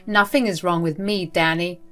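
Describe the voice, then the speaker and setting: A woman voicing a cold, spiteful older grandmother who runs a school, reading her lines in a sneering, dismissive way, with soft music behind. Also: fairly low pitch, fairly even intonation, moderate pace, lightly acted. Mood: contemptuous.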